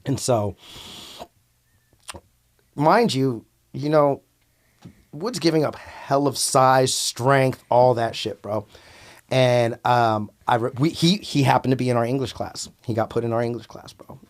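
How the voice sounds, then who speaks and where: A man telling a story in casual, animated, profanity-heavy slang as an interview guest. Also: mid-range voice, a little slow.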